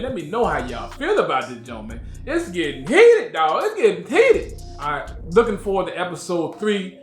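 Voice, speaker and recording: A man talks through his take on a TV episode in loose, slangy commentary, addressing his viewers directly. His voice sits high and swings widely in pitch. The room adds a noticeable echo, with faint music underneath. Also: fairly bright tone. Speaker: TV episode reviewer, channel host. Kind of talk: casual review commentary.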